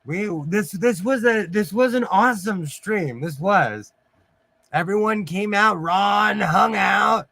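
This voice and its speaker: A man from California hosting a casual livestream chat, talkative and quick to laugh. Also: high-pitched, creaky, sharp tone, no room sound. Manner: chatty, laughs often. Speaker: host.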